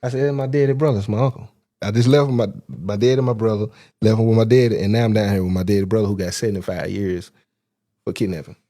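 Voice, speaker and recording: A man telling a personal story in casual chat, animated, acting out the voices of people in it and laughing often. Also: on the low side, quick pace. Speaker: guest telling his prison story.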